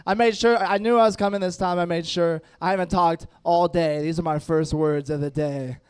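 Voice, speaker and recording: A young stand-up comic with a noticeable lisp, working the crowd in a loose, self-mocking way and chuckling at his own lines. His voice sits high for a man and comes across smooth and clear. He is on a stage mic in front of a dining audience. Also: fairly even intonation, a little fast, darkish tone. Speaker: stand-up comedian. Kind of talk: stand-up set with crowd work.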